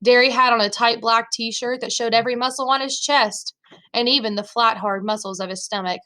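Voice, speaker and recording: A woman's voice: fairly high pitch, fairly even intonation, brisk, pushed and bright. A woman, a teacher, reading a novel chapter aloud in the first person, voicing the dialogue in her own voice.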